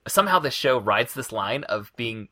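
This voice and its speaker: A man's voice: mid-range voice, moderate pace. A man co-hosting a podcast, eagerly retelling comic scenes and explaining what makes them funny. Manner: lively, retells scenes with relish. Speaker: podcast co-host. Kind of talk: casual chat.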